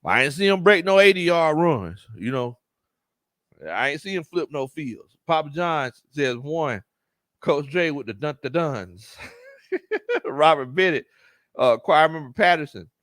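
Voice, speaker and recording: A man's voice: on the high side, unhurried, no echo, studio quality. A man hosting a casual sports livestream, reading viewer comments aloud and laughing often. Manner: laughs often, Southern slang, animated reactions. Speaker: sports show host and coach.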